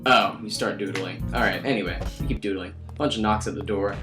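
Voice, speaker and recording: A man's voice: fairly low pitch, brisk, music in the background. A young man giving a rambling, sarcastic, crude recap of a game as the host of his own video. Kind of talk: casual game recap commentary.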